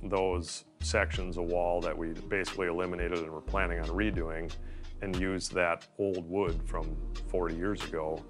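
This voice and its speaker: A male builder explaining his work in a steady, matter-of-fact interview. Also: deep voice, moderate pace, music in the background. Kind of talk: interview talk.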